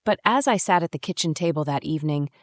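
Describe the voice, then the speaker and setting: Low-voiced woman narrating a story. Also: animated, quick pace, dry recording, clean studio sound. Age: 30s. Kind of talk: first-person story narration.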